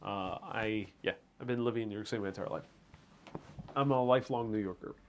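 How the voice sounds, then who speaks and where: A man's voice: lowish voice, brisk, slight background noise. A man hosting a live stream from home, chatting casually and answering viewer comments in a rambling way, with frequent fillers and restarts. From Puerto Rico.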